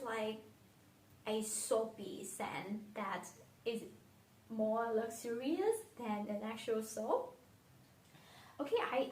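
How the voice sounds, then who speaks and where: A young woman from Vietnam, a non-native English speaker, talking through her favourite perfumes in a dreamy, reflective way that often trails off. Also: fairly high pitch. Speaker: beauty vlogger. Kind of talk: casual fragrance review. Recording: roomy echo, slightly distant from mic.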